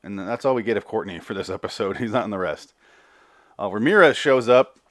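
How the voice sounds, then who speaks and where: Podcast host, male, lowish voice, dry close sound, rambling and profane. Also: brisk, fairly bright tone, no room sound. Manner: rambling, profane, self-interrupting. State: slightly out of breath. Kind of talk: casual episode recap.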